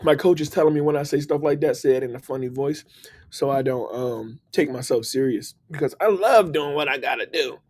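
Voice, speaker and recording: A man hosting a casual motivational live stream, upbeat and slangy, giving shout-outs to his viewers. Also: medium pitch, brisk. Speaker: livestream host. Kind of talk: casual motivational livestream talk.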